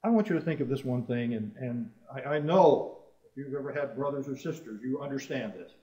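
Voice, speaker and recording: A man's voice: medium pitch, a little fast, dark tone. A man preaching a sermon to a congregation, emphatic, rising on key phrases and putting questions to his listeners. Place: church assembly hall. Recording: roomy, distant, dull old church recording.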